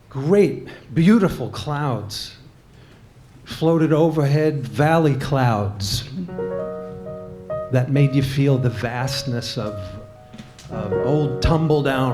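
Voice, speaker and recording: A man's voice: medium pitch, slow pace. A man giving a live literary reading in a bookshop room, with hesitant, self-deprecating asides. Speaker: reader. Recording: live reading over guitar music.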